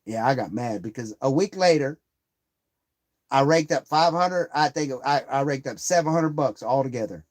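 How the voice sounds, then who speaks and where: A man's voice: mid-range voice, expressive, moderate pace. A man telling a rambling, profanity-heavy story on a live stream, getting heated as he retells a grievance. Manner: profane, rambling, swears constantly.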